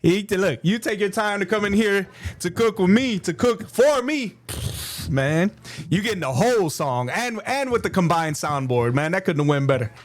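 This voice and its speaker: A man hosting a debate show, talking in a casual, animated, trash-talking way. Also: high voice, moderate pace.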